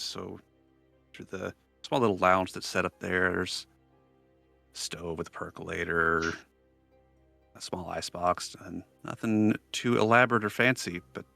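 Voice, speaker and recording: A deep, gravelly man narrates a tabletop game as game master, with bright edges to his voice. He describes scenes haltingly, with fillers and restarts. The sound is dry and close. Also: no room sound.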